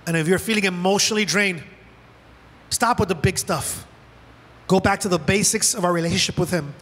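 A male pastor preaching a sermon in a lively, animated way, acting out quoted lines from scripture. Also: sits high, fairly quick. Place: church auditorium. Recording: large hall with long reverb.

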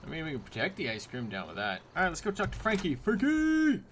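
Chatty gravelly-voiced man narrating gameplay. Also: mid-range voice, very animated, very fast, bright, forceful tone, slight background noise. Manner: chatty, joking asides. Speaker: gameplay commentator. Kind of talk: casual let's-play commentary.

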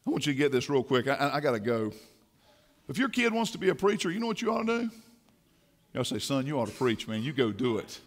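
A man preaching a sermon in a church, swinging from quiet asides to fiery shouting. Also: mid-range voice, very animated, quick pace. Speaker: pastor. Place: church sanctuary.

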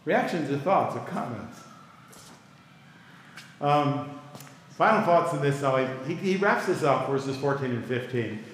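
A man's voice: medium pitch, lively intonation, measured pace, long pauses, a little hiss or hum. A middle-aged male pastor teaching a Bible class in a conversational way, stopping to ask the class for reactions. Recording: echoey hall with long reverb.

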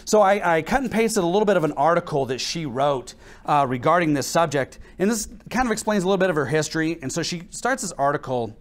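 A man's voice: fairly high pitch, animated, quick pace. A man preaching a church sermon as pastor, reading verses and mocking quoted voices with sudden emphatic rises. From United States.

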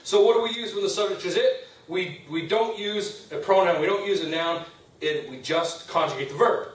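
A man's voice: high-pitched, normal speed. A man teaching a Spanish grammar class as a lecture, explaining step by step and often checking in with "okay?". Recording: roomy classroom sound from a distance.

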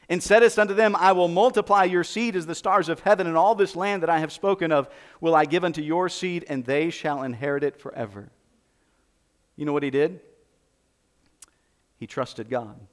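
High-voiced American preacher, dramatic swings. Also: male voice. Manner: preaching with dramatic swings between soft and loud. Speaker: pastor. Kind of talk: sermon.

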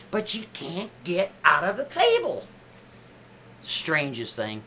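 A man telling a made-up story in a casual, chatty way, pushing his pitch up for emphasis. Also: fairly bright tone, a little hiss or hum.

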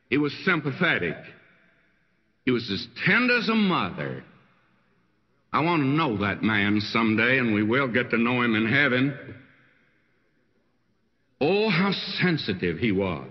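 An older man preaching a sermon as a pastor, telling stories in a folksy, animated way. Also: measured pace, pauses often. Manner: folksy storytelling preacher with wide swings in pitch. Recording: dull lo-fi archival sermon recording with long hall reverb.

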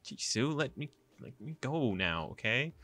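A man's voice: mid-range voice, big pitch swings, unhurried, bright, forceful tone, pitched above the performer's own voice, heavily acted. A man voicing a flustered teenage girl heroine of a visual novel, speaking in a raised, pleading voice.

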